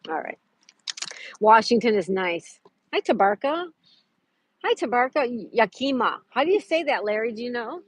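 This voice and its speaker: A woman's voice: on the high side, sing-song, moderate pace, long pauses, breathy edge, dry recording. A woman hosting a casual livestream from outdoors in a park, chatting to viewers, greeting them by name and reading trivia questions aloud. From Florida. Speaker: livestream host.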